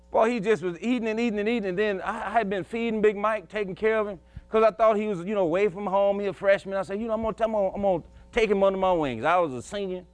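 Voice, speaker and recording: High-voiced folksy male preacher. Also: slight background noise. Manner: folksy, chuckling, emphatic storyteller. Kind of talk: storytelling sermon.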